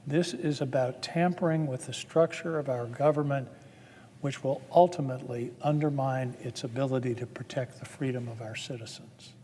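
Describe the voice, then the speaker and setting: A man's voice: mid-range voice, fairly even intonation, moderate pace, warm tone, slight background noise. A man, a senator, giving a formal floor speech with earnest, building emphasis. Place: legislative chamber. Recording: long reverb of a large chamber.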